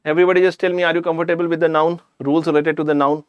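A man's voice: a little high, little pitch movement, rapid-fire, smooth, no echo, dull audio. A man with an Indian English accent teaching a live online grammar class, chatty, addressing students directly and slipping in jokes.

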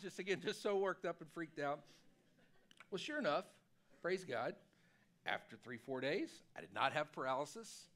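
Animated storytelling male pastor. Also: high voice, moderate pace. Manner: storytelling, animated and self-deprecating. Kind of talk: sermon. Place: church sanctuary.

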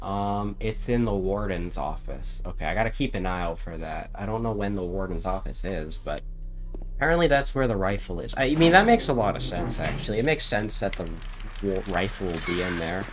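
A man's voice: low-pitched, lively intonation, fairly quick, a crowd in the background. A man giving casual let's-play commentary on a horror game, thinking aloud and swearing often. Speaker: streamer playing a horror game.

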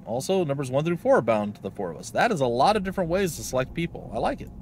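A man's voice: mid-range voice, very animated, fast, hardly any pauses, a little mellow, a little hiss or hum. A man casually commenting while playing a game, chatty and self-deprecating. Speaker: let's play host.

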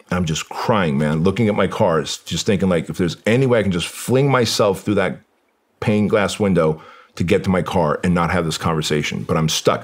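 A man from Armenia with a low voice appears as an interview guest, telling a personal story earnestly and emotionally. He quotes his own thoughts aloud as he goes.

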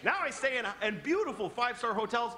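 A man performing a stand-up comedy routine on a live stage, telling a story with animated delivery and acting out other people's voices. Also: very high voice, fast talker. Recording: live show with loud audience laughter and noise.

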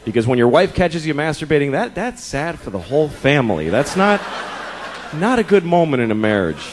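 A man's voice: on the high side, sing-song, a little fast. A man in his thirties doing stand-up comedy, exasperated and profane, acting out his own inner voices. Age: 30s. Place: comedy club stage with laughing audience. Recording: stage mic with crowd laughter and noise.

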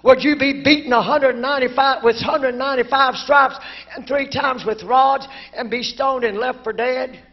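A woman preaching a sermon emphatically, building to shouted lines and then dropping to a low, quiet delivery. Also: steady tone, normal speed. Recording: dull lo-fi conference recording.

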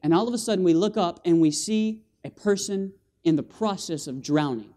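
A man preaching an animated sermon in a church, calling for amens from the congregation and acting out scenes with sound effects. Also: high voice, moderate pace, hardly any pauses. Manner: animated, with call-and-response and vocal sound effects. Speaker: guest preacher. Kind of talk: lively evangelistic sermon. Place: church sanctuary.

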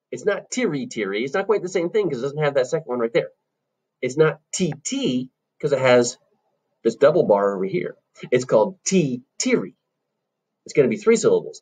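Husky, lively male music teacher. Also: medium pitch, a little fast. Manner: upbeat, chanting syllables and rhythms aloud. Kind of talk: teaching children rhythm.

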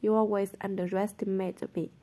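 A woman's voice: mid-range voice, level tone, moderate pace, warm tone, lightly acted. A woman reading the lines of a cheerful, shrewd schoolboy in an airy, matter-of-fact way. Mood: breezy.

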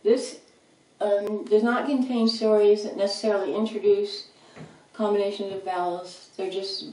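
A woman's voice: medium pitch, level tone, normal speed, dark tone. Lady reading a kids storybook, mic kinda far away. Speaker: storybook reader. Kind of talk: reading a children's story aloud. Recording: roomy sound, mic at a distance.

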